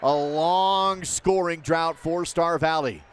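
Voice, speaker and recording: A man calling basketball play by play in short, rapid bursts. His voice sits a little high, and it lifts when a shot misses. Faint noise hums underneath. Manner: rapid, clipped calls that rise on misses. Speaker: play-by-play announcer.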